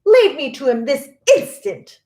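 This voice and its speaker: A woman voicing a shrill, furious mother who shrieks indignantly at everyone. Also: big pitch swings, measured pace, darkish tone, echoey room.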